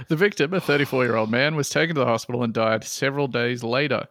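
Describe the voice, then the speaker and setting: A man's voice: mid-range voice, quick pace, fairly bright tone, no room sound, studio quality. A man co-hosting a comedy podcast, joking and sarcastic and swearing freely. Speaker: podcast co-host. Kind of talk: casual comedy chat.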